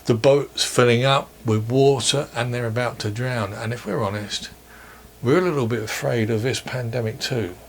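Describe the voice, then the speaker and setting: A man preaching a sermon for online worship, measured and earnest, posing questions to his listeners. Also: medium pitch, slight background noise. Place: church or home, recorded for online worship.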